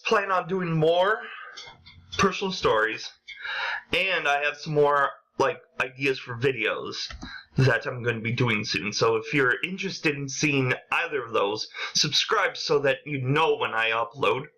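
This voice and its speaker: Slow-talking bright young man vlogging. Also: mid-range voice, rough recording. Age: young adult. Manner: animated, acts out quotes in a raised voice. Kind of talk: casual storytelling vlog.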